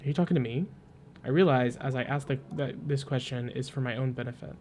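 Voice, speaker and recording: A man giving excitable, chatty commentary as he plays a game and reads its text aloud. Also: medium pitch, a little fast, slight background noise. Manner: excitable, chatty, exclaims loudly. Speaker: gaming streamer.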